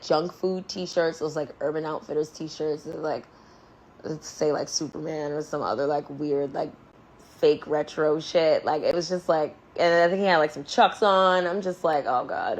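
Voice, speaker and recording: A woman's voice: deep voice, rough recording. A woman talking in a casual, rambling monologue, blunt and profane, packed with filler words. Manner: blunt and candid. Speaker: musician on a livestream.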